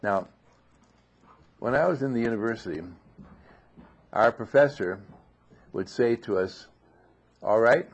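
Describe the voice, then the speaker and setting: A man giving an informal spoken teaching in a monastery dining room, often clearing his throat and asking rhetorical questions. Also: mid-range voice, unhurried, long pauses. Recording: dull lo-fi recording.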